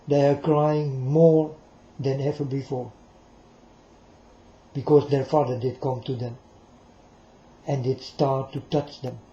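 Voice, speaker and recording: Slow, with frequent pauses and little pitch movement, a man's mellow mid-range voice carries a rambling sermon-like monologue aimed directly at his listeners, repeating itself throughout. The recording is lo-fi, dull and roomy.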